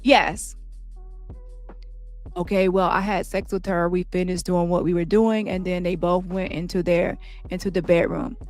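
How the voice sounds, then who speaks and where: A woman reading the part of a man testifying in court, recounting events in a plain, halting way, with faint music behind. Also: fairly low pitch, steady tone, darkish tone. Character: shaken male witness testifying at trial.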